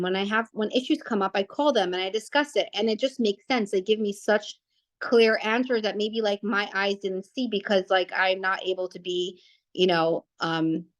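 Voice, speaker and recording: A woman's voice: medium pitch, a bit bright. A young woman telling a family story casually, rambling with restarts and fillers.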